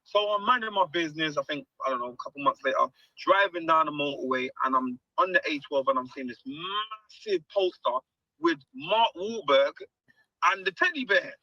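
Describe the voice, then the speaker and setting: A man's voice: fairly high pitch, normal speed, dry recording, dull audio. A man, a guest musician telling stories in an interview and acting out the dialogue. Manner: animated, acts out quoted dialogue. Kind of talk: storytelling interview.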